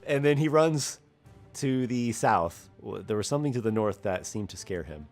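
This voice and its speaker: Lively low-voiced male game master. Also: normal speed, music in the background. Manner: lively, animated narration with rolls and rulings. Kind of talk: narrating a tabletop game.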